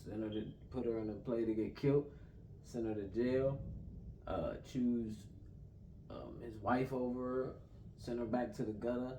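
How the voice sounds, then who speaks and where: A man's voice: mid-range voice, fairly even intonation, normal speed, dark tone. A man in a casual film review chat, laid-back, adding remembered lines and correcting his co-host. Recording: roomy, distant mic, faint hiss.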